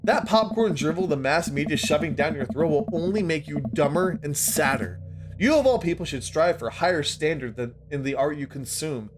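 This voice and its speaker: A man's voice: fairly high pitch, expressive, fairly quick, over music, natural voice. A man doing a blustery film-buff dad. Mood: lecturing. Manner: blustery, lecturing. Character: brash film-loving middle-aged dad.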